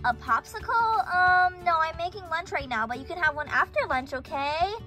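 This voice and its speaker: A woman playing the mommy in a doll play, talking gently and reassuringly. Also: very high-pitched, lively intonation, normal speed, over music.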